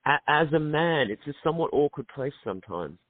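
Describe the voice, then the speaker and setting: A man's voice: fairly high pitch, big pitch swings, fairly quick, no echo. A middle-aged Australian man, a film director, chatting in an interview and often restarting his sentences. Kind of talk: casual interview over a call. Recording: tinny phone-like line, dry.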